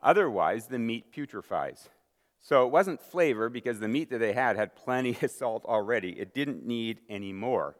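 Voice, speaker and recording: A male pastor delivers his sermon with mounting emphasis, slowing and raising his voice on key lines before dropping back to a conversational tone. His voice sits at an ordinary middle pitch. The sound rings with the long reverb of a large hall. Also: animated. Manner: emphatic preaching with dramatic pauses and rising volume.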